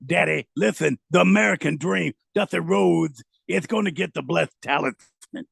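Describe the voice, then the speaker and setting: A man's voice: on the high side, moderate pace, creaky, fairly bright tone, husky, no room sound, exaggerated voice. A man impersonating a swaggering old wrestler. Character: boastful old-school male pro wrestler. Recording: dry studio sound.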